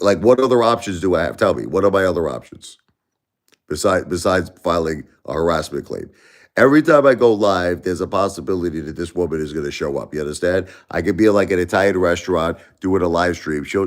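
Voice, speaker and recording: A middle-aged man vents to his live-stream audience. His voice sits very low, and he circles back over the same points with stammering restarts. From Brooklyn, New York. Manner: ranting, repetitive, stammering restarts. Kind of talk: casual live-stream rant.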